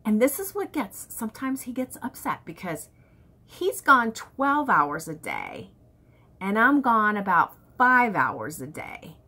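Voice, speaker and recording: A woman's voice: on the high side, wildly swooping pitch, slow, sharp tone, slightly rough. A woman vlogger chatting candidly to camera, telling stories from home life. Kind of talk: casual chat to camera.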